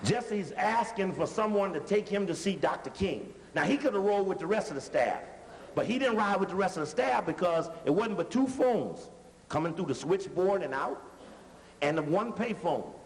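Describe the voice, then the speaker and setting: A man giving a lecture while commenting on video playback, animated and conversational, using street-talk grammar. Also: high-pitched, moderate pace. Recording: reverberant hall with faint noise.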